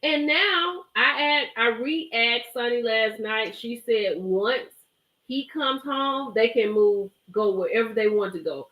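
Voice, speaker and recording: Here a woman with a higher-than-average voice speaks slowly while hosting a live stream. She chats emphatically and gossips about a reality show, staying animated and talkative and saying hello to viewers. There's a roomy echo on the audio.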